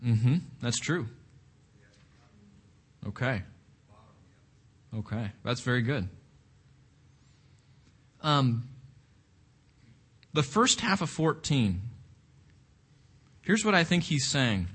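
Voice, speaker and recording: A man's voice: mid-range voice, lively intonation, extremely slow, pauses often, a bit bright, husky. A man leading an interactive Bible study, reflective, often asking the group questions and repeating words as he thinks.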